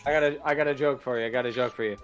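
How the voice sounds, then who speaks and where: A man's voice: medium pitch, steady tone, rapid-fire, lo-fi sound, soft background music. Rambling man telling shaggy-dog jokes. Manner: rambling storyteller, repeats and restarts phrases. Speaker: co-host on a stream. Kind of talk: casual joke-telling.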